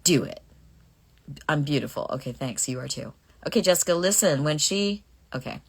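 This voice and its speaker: A middle-aged woman with a notably low voice talks casually through a fan Q&A. She reads each question aloud and muses over her answers in a relaxed, chatty way. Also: normal speed, slight background noise. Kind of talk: casual livestream Q&A.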